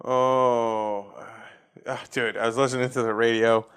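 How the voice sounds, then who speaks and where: Profane ranting comedian with a smooth voice. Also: male voice, mid-range voice, flat delivery, unhurried, fairly bright tone. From Massachusetts. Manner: profane, ranting, laughs at own jokes. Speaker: podcast host, comedian. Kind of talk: casual comedic rant. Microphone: facing a camera.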